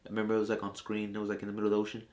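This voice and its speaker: Excitable man gushing over a movie. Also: fairly low pitch, very fast. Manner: enthusiastic and chatty, swears casually; acts out characters' lines when retelling scenes. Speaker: movie review host. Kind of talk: casual spoiler discussion.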